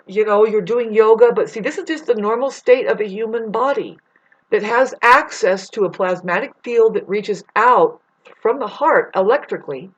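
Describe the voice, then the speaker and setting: A woman's voice: mid-range voice, moderate pace, husky, muffled recording. A woman delivering a rambling, profane spiritual monologue to her viewers. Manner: intense, profane, digressive. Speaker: spiritual vlogger.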